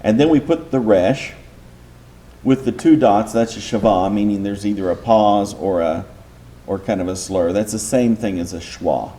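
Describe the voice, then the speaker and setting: A man's voice: on the low side, normal speed, warm tone. A man teaching a Bible class in a lecture style, patiently explaining step by step and posing rhetorical questions to his listeners.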